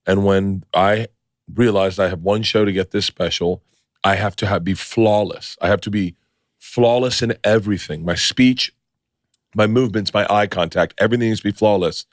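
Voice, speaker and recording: A man hosting a casual podcast chat, his low voice sitting close and dry on a studio mic. He rambles and gets excitable, swearing freely as the stories build. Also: moderate pace, no echo. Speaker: podcast host.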